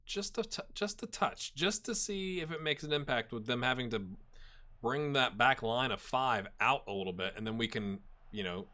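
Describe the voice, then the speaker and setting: In a mid-range voice at normal speed, a man commentates his playthrough of a football management game. He gets excited as he goes and addresses his virtual players directly.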